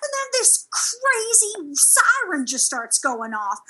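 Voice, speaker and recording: A woman improvising a comedy scene as a crew translator, rambling and excitable in her storytelling. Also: extremely high pitch, slow, poor audio.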